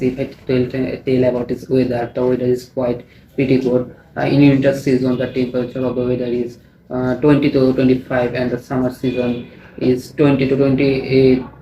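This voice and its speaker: A young man with a Bangladeshi accent answering a mock speaking exam, halting and often restarting his phrases. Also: mid-range voice, warm tone, dull audio. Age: young adult. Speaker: test candidate. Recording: echoey room with faint noise.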